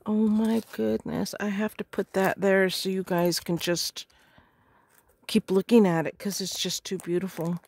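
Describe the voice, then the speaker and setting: Brief: slow-paced woman crafter gushing over her unboxing; dry close sound. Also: medium pitch, flat delivery, gravelly, darkish tone, no echo. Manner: gushing, gasping, frequent exclamations. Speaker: crafter on a design team. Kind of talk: casual unboxing vlog.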